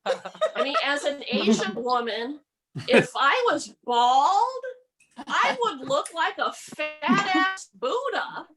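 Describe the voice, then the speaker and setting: A middle-aged woman doing a stand-up comedy set with a deadpan delivery. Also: sits high, crowd noise, poor audio. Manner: slow deadpan delivery with mocking put-on voices. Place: home, virtual comedy show.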